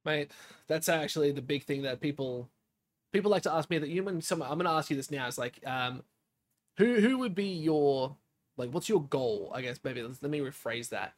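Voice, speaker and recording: A young man co-hosting a podcast, telling stories in a lively way, acting out quotes and swearing casually. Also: on the high side, normal speed. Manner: animated storytelling, acts out quotes. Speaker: podcast co-host, streamer.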